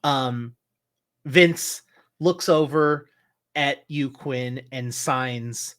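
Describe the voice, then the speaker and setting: A man narrating a tabletop game as game master, in slow, searching narration with restarts. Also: mid-range voice, a bit bright.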